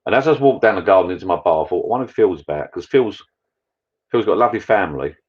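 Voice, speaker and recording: Low-voiced chatty bloke, lo-fi. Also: male voice, lively intonation, very fast, husky. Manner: chatty, rambling, matey. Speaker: vlogger hosting a live chat. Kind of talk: rambling casual live-stream chat. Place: garden bar shed.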